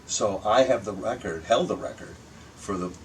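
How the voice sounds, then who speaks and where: A man's voice: on the low side, moderate pace, distant mic, a little hiss or hum, low-quality recording. Older man telling profane stage stories. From Michigan. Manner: anecdotal, profane, restarts and acts out quotes. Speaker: guest comedian. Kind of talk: casual storytelling chat.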